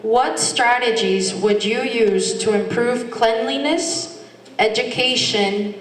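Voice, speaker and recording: A woman's voice: fairly high pitch, slow pace. A woman moderating a candidate forum in a friendly, procedural way. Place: community meeting hall. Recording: echoey hall from far off.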